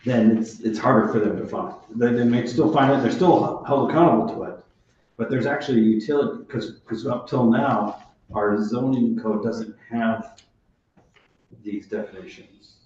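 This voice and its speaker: A man speaking as a city alder at a committee meeting, talking in a deliberate, measured way with some restarts. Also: medium pitch, darkish tone. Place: council chamber. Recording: echoey council chamber, dull sound.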